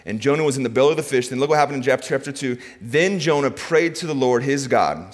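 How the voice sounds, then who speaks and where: Male pastor, dynamic sermon delivery, higher-pitched, recorded with long hall reverb. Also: lively intonation, quick pace, hardly any pauses. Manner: dynamic preaching, swings between soft asides and raised emphasis. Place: large hall with a congregation.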